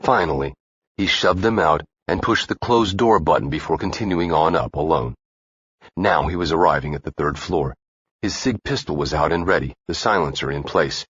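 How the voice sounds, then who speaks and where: A man narrating a thriller audiobook in a steady, even-paced reading. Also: rumbling low, moderate pace, slightly rough, dry recording. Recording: dull dry lo-fi recording.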